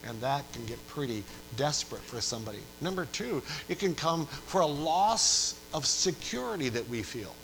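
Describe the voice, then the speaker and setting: A man's voice: a little high, sing-song, moderate pace, creaky, hardly any pauses, fairly bright tone, a little hiss or hum, poor audio. An older man from Western New York, a pastor preaching a sermon with earnest storytelling and emphatic repetition.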